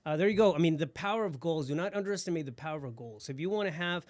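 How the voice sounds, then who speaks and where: A man's voice: fairly high pitch, lively intonation, racing, no room sound. A man hosting a podcast, Spanish a first language, chatting casually with upbeat hype sign-offs. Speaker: podcast host.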